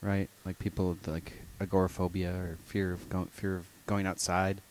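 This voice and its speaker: Man, podcast co-host, casual chat, dry sarcasm, fairly low voice. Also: little pitch movement, moderate pace, a little mellow, slight background noise.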